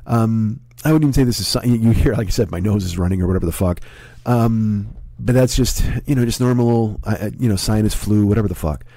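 A man in his forties with a hoarse, sick voice, rambling and swearing through a casual podcast monologue at home. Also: lowish voice, brisk, mellow, no echo. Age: 40s. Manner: profane, rambling, self-deprecating. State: hoarse, sick with a sore throat. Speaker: comedy podcast host.

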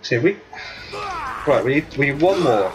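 A man giving casual let's-play commentary over a video game, excitable and joking, swearing casually. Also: medium pitch, moderate pace, recorded from a distance. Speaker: gameplay commentator. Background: game music.

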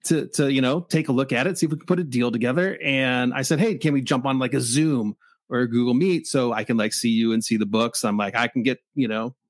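A man's voice: mid-range voice, no echo. Man animatedly telling a shop story. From Michigan. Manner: animated, acts out both sides of the exchange. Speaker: comic shop owner, guest. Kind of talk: casual storytelling.

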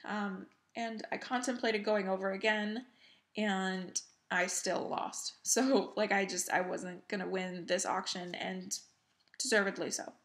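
A woman hosting a cross-stitch video, chatting casually while she shows off her crafts, chatty and self-deprecating, with soft laughs. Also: mid-range voice, fairly even intonation, measured pace. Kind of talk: casual show-and-tell chat.

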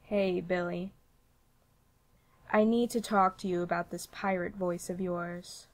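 Woman doing a cold deadpan cartoon girl. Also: on the low side, measured pace. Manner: flat, dry, contemptuous. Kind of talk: cartoon voice acting demo.

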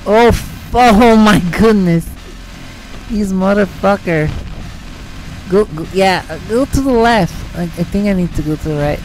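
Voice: mid-range voice, a little mellow, soft background music. A gaming channel host giving live let's-play commentary, thinking aloud and breaking into panicky, swearing outbursts while playing. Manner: thinks aloud, reading game text slowly.

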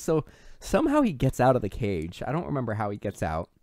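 A man's voice: medium pitch, fairly quick, no room sound, clean studio sound. Casual male podcaster recapping a movie. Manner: profane, animated retelling with put-on character quotes. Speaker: podcast co-host.

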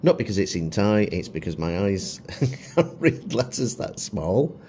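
Middle-aged man, casual food vlogger, chatty and self-deprecating, lowish pitch. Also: sing-song, measured pace, darkish tone, slight background noise. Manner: chatty and self-mocking, with chuckles. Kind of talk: casual food review vlog.

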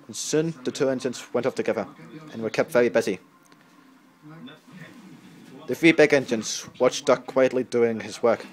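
A man's voice: medium pitch, moderate pace, long pauses. Man reading a storybook aloud. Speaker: narrator.

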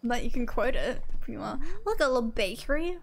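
An excitable woman streamer chats over her game, her voice pitched high and leaping all over the place. She gasps and squeals at each new find, and her voice is wearing thin and hoarse. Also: brisk. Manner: excitable, gasping and squealing at finds. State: losing her voice. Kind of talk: casual game-stream chat.

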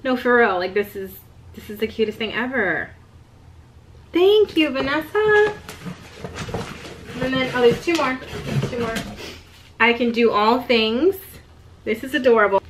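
A young woman, excitedly chatting while opening gifts for her baby daughter. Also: on the high side, normal speed. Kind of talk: casual unboxing chat. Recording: noisy home recording.

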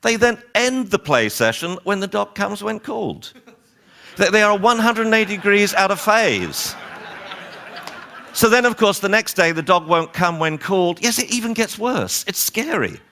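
A man lecturing a seminar on dog training, animated and wryly exasperated, acting out owners and dogs as he goes. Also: high voice, moderate pace.

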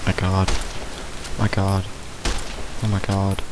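A man's voice: low-pitched, completely flat delivery, slow pace, heavy background noise. A young man giving casual let's-play commentary at his computer, breaking into panicky yelps and shrieks and laughing often. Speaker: gamer.

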